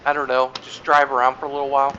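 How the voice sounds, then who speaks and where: A man's voice: medium pitch, monotone, rapid-fire, pushed and bright, a little hiss or hum. A man playing a tabletop game, casual and thinking aloud, heard over a dull online call. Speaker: player.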